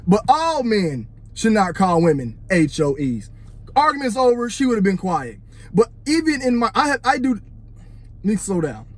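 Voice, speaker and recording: A man's voice: high voice, sing-song, normal speed. A man giving a casual, preachy opinion monologue into his phone, talking straight to "fellas" and often asking "you know what I'm saying". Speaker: vlogger.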